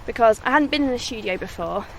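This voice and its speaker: A young singer-songwriter from the West Midlands, England, is interviewed casually on a country walk, chatty and modest and laughing often. Her slightly high, somewhat bright voice is animated and quick, with vocal fry. Faint traffic hum and outdoor ambience sit behind her.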